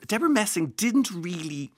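A man's voice: sits high, sing-song, moderate pace, husky. A man from Ireland hosting a radio show, chatting wryly and slipping into mock accents now and then. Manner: chatty, wry, mimics accents. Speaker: radio host. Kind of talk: casual radio chat.

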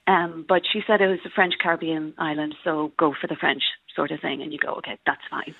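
A woman who narrates audiobooks, talking in a chatty, lively way and laughing easily as an interview guest. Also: deep voice, a little fast, vocal fry. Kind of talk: interview guest over a remote line. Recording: tinny phone-like line, dry.

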